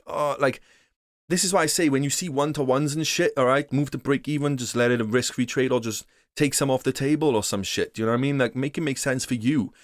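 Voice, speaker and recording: A man's voice: medium pitch, no echo, clean studio sound. A man teaching day trading in a loose, profane, slangy way, often acting out other traders' voices. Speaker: trading course instructor. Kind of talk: casual unscripted teaching.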